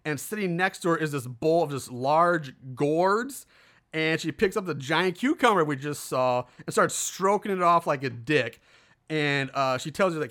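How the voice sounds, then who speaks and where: On a podcast, a co-host walks through a movie's plot at a moderate pace, his fairly high voice carrying a sharp tone. He rambles, fills gaps with fillers, and plays out the characters' dialogue.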